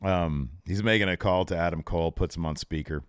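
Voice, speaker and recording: A man co-hosting a casual wrestling podcast, jokey and animated. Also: sits low, brisk, no room sound, clean studio sound. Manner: animated, jokey, retells scenes with voices. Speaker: podcast co-host.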